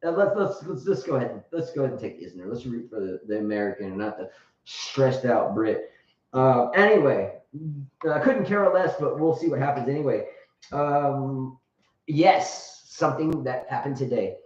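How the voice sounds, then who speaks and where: A man's voice: mid-range voice, expressive, normal speed. A man hosting a casual live show, rambling, joking and blunt, with crude humor. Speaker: show host and tennis coach. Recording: roomy, distant, dull sound.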